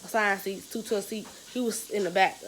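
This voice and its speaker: A young woman vlogger telling a story in a casual, animated, slangy and profane way. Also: medium pitch, fairly quick, slight background noise, low-quality recording.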